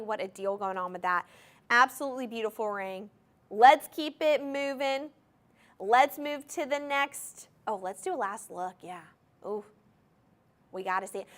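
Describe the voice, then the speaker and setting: Bubbly, lively-voiced shopping host woman. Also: fairly high pitch. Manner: gushing, enthusiastic, addresses viewers directly; repeats item numbers and key phrases for emphasis. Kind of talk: live TV jewelry sales pitch. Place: TV studio.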